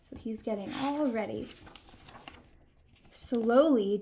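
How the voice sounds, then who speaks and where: A woman librarian reading a storybook aloud to children and talking to them directly. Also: high-pitched. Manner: animated, addressing kids directly.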